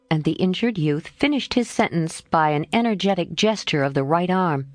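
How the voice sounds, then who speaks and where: A woman narrates a classic novel with an expressive, storytelling delivery. Her voice sits on the low side and swings widely in pitch. The recording is close and dry, with no room sound. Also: moderate pace, hardly any pauses, dry recording. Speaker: audiobook narrator. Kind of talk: scripted audiobook narration.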